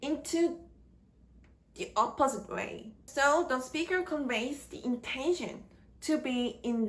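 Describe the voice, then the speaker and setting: A woman giving a scripted grammar lesson, speaking slowly and deliberately in short halting phrases. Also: high-pitched, fairly bright tone. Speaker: grammar teacher. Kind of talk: slow scripted grammar lecture.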